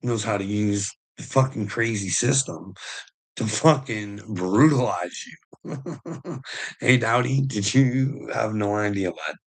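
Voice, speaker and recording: A man's voice: lowish voice, takes it slowly, gravelly, breathy edge, rough recording. A middle-aged man ranting casually on a livestream, swearing, rambling and laughing often. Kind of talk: casual live rant.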